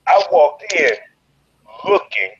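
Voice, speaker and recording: A man from Chicago telling a wild story in an interview, profane and animated, leaping into loud quoted voices. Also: on the high side, slow pace, husky, lo-fi sound. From Chicago, USA. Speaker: guest, fighter.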